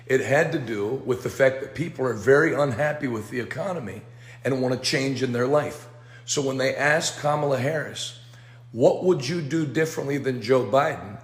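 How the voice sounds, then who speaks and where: A man giving firm political commentary in a lecturing manner. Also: mid-range voice. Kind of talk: scripted commentary. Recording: roomy echo.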